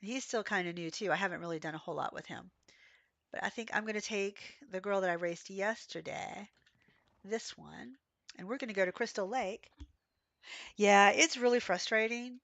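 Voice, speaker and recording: A hoarse woman with a cough chats her way through a gameplay stream, rambling from one story to the next. Her voice is bright and a little sharp even through the sickness, and the sound is close and dry, with no room around it. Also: mid-range voice, normal speed, no room sound. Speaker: game streamer. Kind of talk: casual livestream chat while playing.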